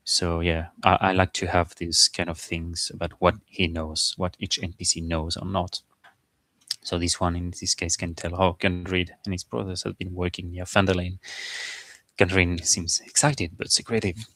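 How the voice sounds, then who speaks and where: A man as game master, talking through his game prep in a halting, informal, think-aloud way. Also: low voice, level tone, fairly bright tone, no echo. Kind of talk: casual game prep screen-share.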